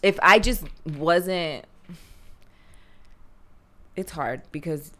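A woman's voice: lowish voice, bright, forceful tone. Hesitant woman chatting on a podcast. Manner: hesitant, halting, lots of fillers. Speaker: podcast co-host. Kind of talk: casual podcast chat.

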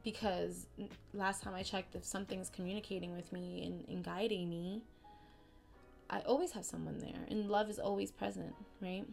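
A woman hosting a spiritual podcast, talking in a casual, slangy, animated way that swings between excited outbursts and softer, quieter stretches. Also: mid-range voice, normal speed, gravelly, faint music behind. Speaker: podcast host.

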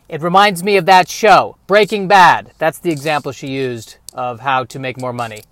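A man's voice: mid-range voice, lively intonation, moderate pace, fairly bright tone, dry recording. A man in his thirties hosting a podcast, rambling through a self-deprecating comedic monologue. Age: 30s. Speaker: podcast host.

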